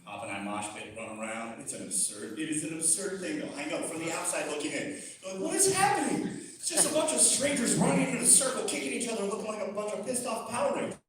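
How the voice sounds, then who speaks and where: A young man doing an open mic stand-up set, animated, laughing at his own jokes and mimicking voices. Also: high voice, quick pace. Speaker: stand-up comedian. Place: comedy club stage. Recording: roomy club sound from far off with loud crowd. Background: audience laughter.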